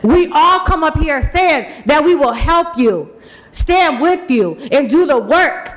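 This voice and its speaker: A man giving a forceful, accusing public comment at a city meeting, hammering his points in short repeated phrases. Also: very high-pitched, animated, slow, low-quality recording. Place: city commission chambers.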